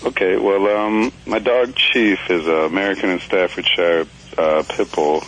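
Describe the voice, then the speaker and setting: A man's voice: deep voice, steady tone, moderate pace, fairly bright tone, a little hiss or hum, low-quality recording. A man from Minnesota calling in to a radio show about his dog, hesitant and full of ums. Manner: hesitant, lots of ums, laughs easily. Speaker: caller. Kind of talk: phone-in call.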